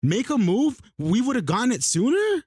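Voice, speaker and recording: A man's voice: very high voice, wildly swooping pitch, moderate pace, darkish tone, husky, no room sound. A man co-hosting a podcast, arguing heatedly in a casual debate, swearing often and talking over the other speaker. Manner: argumentative, swears a lot, talks over others. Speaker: podcast co-host.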